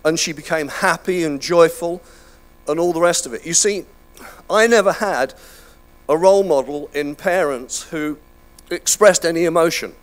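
Older guy giving a sermon, chatty and rambling, bit high voice. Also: normal speed, faint music behind. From United Kingdom. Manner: chatty, self-deprecating, with many fillers and restarts. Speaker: pastor. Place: church hall.

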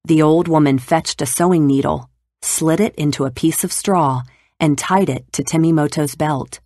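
A woman narrating a children's storybook aloud in a clear, expressive way. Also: sits low, moderate pace, dry recording, clean studio sound.

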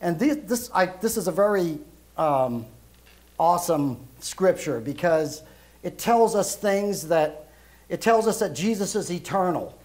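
Loud middle-aged guy preaching, kinda high voice, rambles w lots of ums. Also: lively intonation, unhurried. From Brooklyn, New York, raised in Europe. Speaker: guest preacher. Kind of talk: casual sermon.

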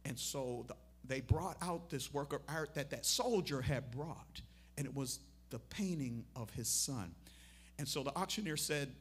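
Male preacher, mid-pitched husky voice, sermon storytelling that builds to loud emphatic appeals. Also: animated, normal speed. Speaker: preacher at a memorial service. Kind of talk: sermon with a told parable.

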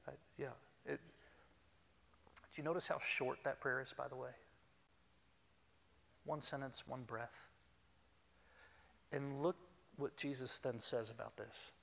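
A pastor delivering a sermon, animated and humorous, leading his congregation to speak along. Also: medium pitch, slow pace, vocal fry, pauses often. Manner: animated, humorous, leads the congregation in call-and-response. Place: church sanctuary. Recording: long reverb in a church hall.

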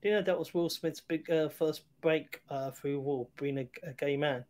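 A man's voice: fairly high pitch, steady tone, normal speed, a little mellow. A man co-hosting a film review show in casual chat, hesitant, with many fillers and restarts. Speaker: film review podcast co-host.

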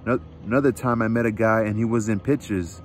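A man voicing a lonely, restless young ranch wife in a read-aloud book, talking quickly and pleadingly. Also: on the low side, steady tone, slight background noise, lightly acted. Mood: confiding.

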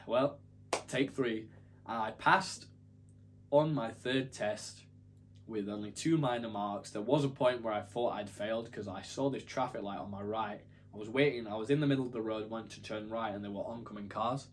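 A man's voice: lowish voice, a little hiss or hum. A young man telling a story to camera in a casual, rambling, self-deprecating way. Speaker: YouTuber.

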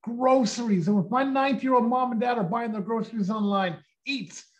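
A man in his sixties giving an energetic sales pitch on a video call, firing off rhetorical questions and acting out quotes. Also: normal speed, muffled recording. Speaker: company co-founder presenting.

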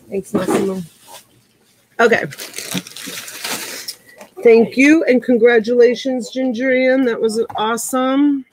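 A fifty-something woman calls bids in a relaxed home livestream auction, addressing viewers by name. She speaks in a mid-range, slightly mellow voice over a little background noise.

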